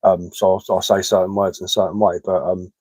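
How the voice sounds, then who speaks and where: A man's voice: deep voice, flat delivery, brisk, darkish tone, breathy edge, no room sound, low-quality recording. A man with a mixed West Sussex and London accent, chatting casually on a live stream and answering viewers' comments. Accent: West Sussex English mixed with London. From England. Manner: chatty, matter-of-fact, repeats words and says um often. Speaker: live-stream host, woodcarver.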